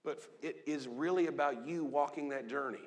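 A man in his fifties, a pastor giving a lively, joking, conversational sermon in a church. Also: a little high, normal speed. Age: 50s. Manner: animated, joking, conversational preaching. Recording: long echo of a large hall.

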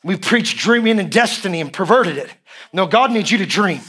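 A man with a very high voice preaches a sermon. He repeats his lines for emphasis, swings up into shouts and jokes informally with the congregation. He sounds like a fired-up pastor talking straight to the room. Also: expressive, moderate pace, breathy edge.

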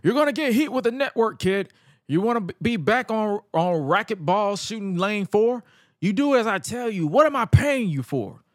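A man's voice: high voice, lively intonation, moderate pace, no echo, studio quality, voice pushed up. A man putting on a domineering male manager who barks orders at a crew member in a raised voice. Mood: bossy scolding.

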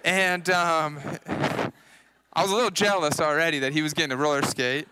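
A man in his thirties preaching a casual sermon, telling personal stories in an animated way and acting out what people said. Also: a little high, moderate pace, slight background noise. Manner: casual, animated storytelling with acted-out quotes. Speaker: pastor.

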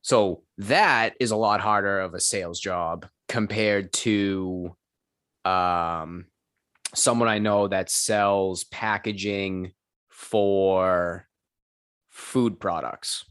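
Man, low voice, casual profane storyteller, gym owner, dry close sound. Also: steady tone, extremely slow, a bit bright, smooth, no room sound. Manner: profane storyteller, acts out quoted people. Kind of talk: casual chat.

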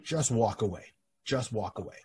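A man voicing a smug, grinning male villain while retelling a comic, with a very husky voice. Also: fairly low pitch, animated, normal speed, darkish tone.

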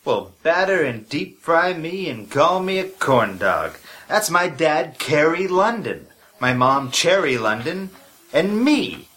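A man as a bright-voiced sarcastic grump. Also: fairly high pitch, slow, few pauses. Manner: sarcastic, deadpan. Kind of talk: comedy audio drama.

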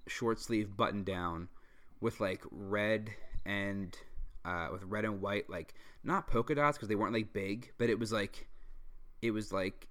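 A man's voice: on the low side, measured pace, fairly bright tone. Rambling young man telling a story. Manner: rambling, lots of "like" fillers, swearing, laughs a lot. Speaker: podcast host. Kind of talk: casual storytelling chat.

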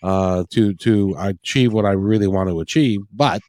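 A man's voice: lowish voice, moderate pace, a little mellow. A man hosting a casual interview, hesitant with frequent restarts and fillers.

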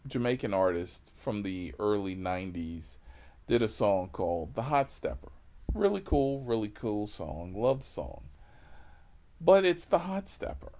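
Animated slow-talking male storyteller. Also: on the low side. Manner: animated, drawn-out, slangy. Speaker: rideshare driver. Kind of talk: casual storytelling.

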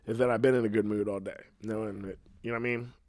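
A man hosting a casual podcast, rambling and swearing freely, swinging between loud outbursts and low muttering into a podcast microphone. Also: steady tone, fast talker, dry recording. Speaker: podcast host.

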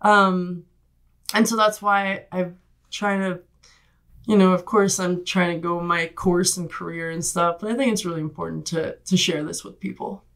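A woman guest in a podcast interview, telling a story in a casual, animated way, acting out quoted voices and laughing often. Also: on the low side, normal speed. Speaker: guest, Olympic rower.

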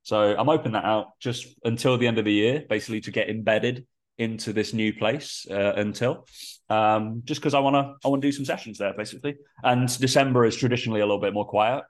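A personal trainer with a lowish, nasal, congested voice talks fast while chatting casually on a podcast. His rambling speech is full of fillers.

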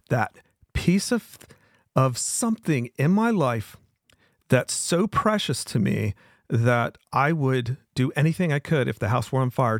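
A man's voice: mid-range voice, no echo. Man, show host, earnest solo monologue, mid-range voice, dry room. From American South. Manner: earnest, emphatic, repeats himself. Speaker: podcast host.

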